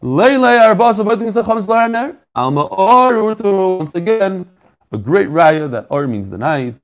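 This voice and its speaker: A man's voice: high-pitched, sing-song, moderate pace. A man teaching a Talmud lesson, asking questions and answering them, repeating his phrases as he explains. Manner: mixes Yiddish-flavored terms into English. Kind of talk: daf shiur, teaching aloud.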